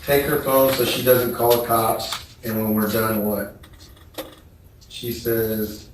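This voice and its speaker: A lowish-voiced man on the witness stand reads text messages aloud in slow, flat, measured testimony. He's far from the courtroom microphone, so heavy echo surrounds him, and a faint hiss runs under the recording.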